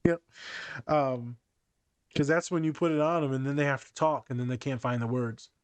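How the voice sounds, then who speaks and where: A man's voice: medium pitch, normal speed, clean tone, dry recording. A man hosting a casual podcast chat, a therapist telling stories from his office and acting out the quoted dialogue. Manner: animated storyteller who acts out quoted dialogue.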